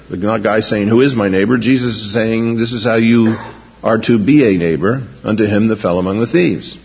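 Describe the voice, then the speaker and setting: A man preaching a sermon as a pastor, animated, raising his voice when he quotes. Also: mid-range voice, moderate pace, slightly rough. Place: large church sanctuary. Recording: dull lo-fi recording in a large reverberant hall.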